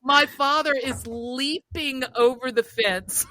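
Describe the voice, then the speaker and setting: A woman co-hosting a podcast, telling a childhood story in an animated way, laughing often and shouting out quoted lines. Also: high-pitched, takes it slowly, slight background noise. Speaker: podcast co-host.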